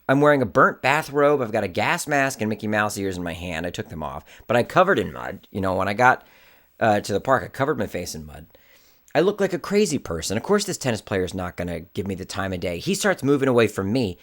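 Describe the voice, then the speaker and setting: A man speaking in a low register, telling a story to camera in a casual vlog. He is an indie filmmaker and tells it with animated delivery. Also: quick pace. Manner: animated, acts out the people in his story.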